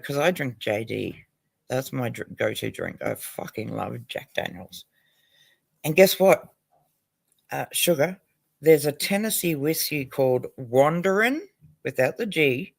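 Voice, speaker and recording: A man's voice: mid-range voice, lively intonation, measured pace, gravelly, pauses often, no room sound. An Australian man hosting a casual livestream, talking crudely, swearing and laughing often. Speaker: livestream host.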